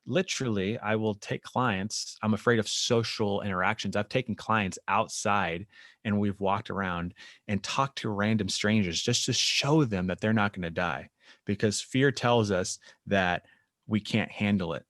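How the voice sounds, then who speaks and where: A man who works as a therapist, speaking as a podcast guest and explaining his work in an animated way, sometimes acting out what clients and therapists say. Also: fairly low pitch, measured pace, no room sound, studio quality. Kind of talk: casual interview chat.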